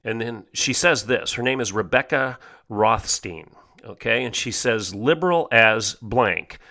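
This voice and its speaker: A man's voice: medium pitch, measured pace, bright, forceful tone. A middle-aged man hosting an opinion podcast, reading from an article and commenting in an emphatic, scolding manner. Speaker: podcast host.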